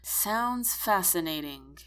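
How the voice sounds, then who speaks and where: A woman's voice: fairly low pitch, animated, slow pace, fairly bright tone, smooth. A woman voicing a drowsy, teasing young woman roommate in an audiobook, mumbling playfully. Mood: sleepy teasing.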